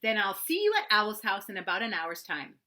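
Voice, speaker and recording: A woman's voice: medium pitch, big pitch swings, normal speed, bright, forceful tone, voice pushed up. A woman voicing a fussy, self-important male rabbit with a bossy way of talking. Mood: brisk.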